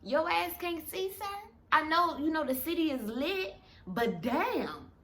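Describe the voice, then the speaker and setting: A woman telling a story in a casual storytime video, expressive, swearing freely and acting out the people she quotes. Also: sits high, unhurried.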